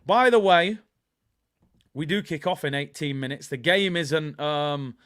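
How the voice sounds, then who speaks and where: A man from England hosting a casual football watchalong stream, chatty and excitable, rambling with lots of fillers. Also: on the high side, measured pace, smooth. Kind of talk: casual live-stream chat.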